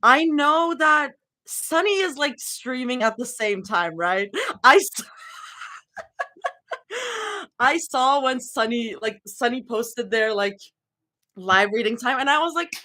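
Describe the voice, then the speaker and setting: A woman's voice: high voice, lively intonation, takes it slowly, long pauses, pushed and bright. A woman reading fanfiction live and chatting with viewers, giggling often and full of casual fillers. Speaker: live-stream fanfiction reader.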